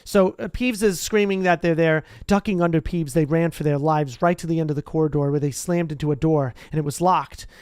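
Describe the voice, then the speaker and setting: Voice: mid-range voice, fairly quick, few pauses, a little mellow, clean tone, no room sound, clean studio sound. A reader reading a children's fantasy book aloud casually, chatty and rambling with self-corrections in the asides. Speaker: audiobook reader.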